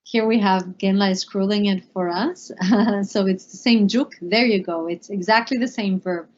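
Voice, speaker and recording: A woman's voice: medium pitch, moderate pace. A woman co-hosting a language lesson, explaining in a friendly way and putting questions to the learners. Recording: dull lo-fi audio.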